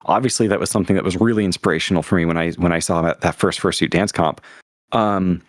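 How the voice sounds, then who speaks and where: A man's voice: sits low, fairly even intonation, quick pace, dry recording, studio quality. A young adult man telling stories as a podcast guest, enthusiastic and rambling, with many restarts. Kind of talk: casual interview storytelling.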